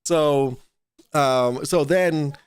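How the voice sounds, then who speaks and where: A man's voice: fairly high pitch, very slow, clear, resonant tone. A man chatting as a guest on a talk show, hesitant and full of restarts. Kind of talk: casual chat.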